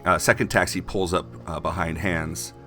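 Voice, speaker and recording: A man's voice: sits low, steady tone, normal speed, sharp tone, faint music behind. A man narrating scenes as game master of a tabletop game.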